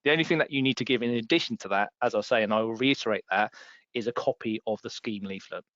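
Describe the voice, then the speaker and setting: A man's voice: fairly low pitch, fast talker, fairly bright tone, no echo. A man presenting a webinar on landlord rules, explaining patiently and repeating key points for emphasis. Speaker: property law trainer. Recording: dull lo-fi dry sound.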